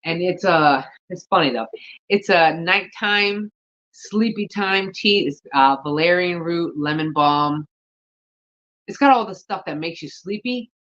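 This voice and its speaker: A woman's voice: fairly low pitch, measured pace, a bit bright. A woman rambles through a casual gardening vlog, half talking to herself. She sounds tired and keeps yawning. The recording is a little dull and lo-fi. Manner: rambling, chatty, talks to herself. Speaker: gardening vlogger.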